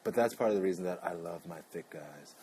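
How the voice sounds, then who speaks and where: A man's voice: sits low, fast, mellow, slight background noise. A man vlogging in a casual, rambling way, full of playful asides. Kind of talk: casual chat.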